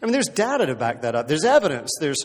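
A man's voice: on the high side, sing-song, fast talker. A man preaching a sermon in a conversational storytelling way, often checking in with the listeners and repeating words as he goes. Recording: long hall reverb.

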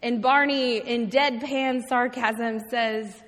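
A woman preaching a sermon, telling a story expressively with dramatic pauses and repetition. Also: fairly high pitch, fairly even intonation, a bit bright. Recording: long reverb from a large hall.

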